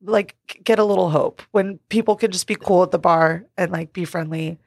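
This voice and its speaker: A young woman co-hosting a casual podcast, telling bar stories in an animated way, laughing often and swearing casually. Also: on the low side, a little fast, gravelly, no echo, studio quality. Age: young adult. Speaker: podcast co-host; bartender. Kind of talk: casual chat.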